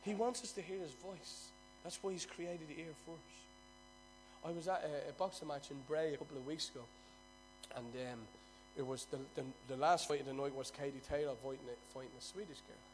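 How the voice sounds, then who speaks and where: An Irish man preaching a sermon, telling stories with loud bursts and quiet asides. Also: a little high, fairly quick, faint music behind.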